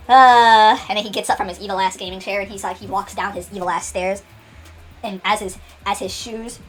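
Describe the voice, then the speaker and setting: A woman's voice: medium pitch, a bit bright. Brief: casual female storyteller, rambling and dramatic, faint music bed. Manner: rambling, with many restarts and dramatic asides.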